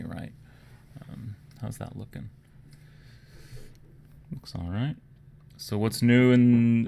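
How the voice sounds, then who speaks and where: A man from Canada with a Toronto accent, hosting a casual livestream, rambling and low-key and often trailing off into quiet murmurs. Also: gravelly, slight background noise. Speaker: livestream host. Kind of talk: casual livestream chat while painting miniatures.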